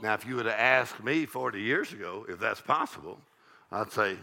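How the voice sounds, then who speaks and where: A man's voice: fairly low pitch, animated, normal speed, creaky, pushed and bright. An older man, a pastor preaching an evening sermon in a folksy, joking, call-and-response way.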